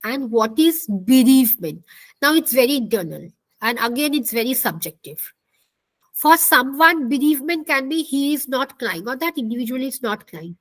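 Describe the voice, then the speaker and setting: A woman's voice: high-pitched, big pitch swings, normal speed, no room sound, poor audio. A woman lecturing an online counselling class, explaining step by step, repeating points and asking the class questions. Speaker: counselling instructor.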